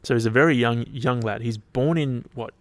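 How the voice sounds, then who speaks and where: A young Australian man hosts his podcast solo, chatting casually in a loose, rambling way and swearing freely. His voice is mid-range, moving at a moderate pace, with no echo in the recording.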